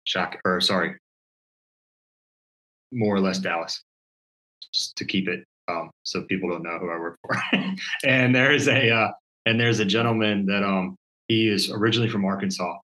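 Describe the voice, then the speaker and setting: A man talks loosely on a podcast, his voice sitting low but bright. He rambles through his stories, leaning on "like" and restarting his sentences as he goes. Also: normal speed, pauses often, rough recording. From Maryland. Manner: rambling, heavy use of "like". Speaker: podcast co-host. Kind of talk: casual chat.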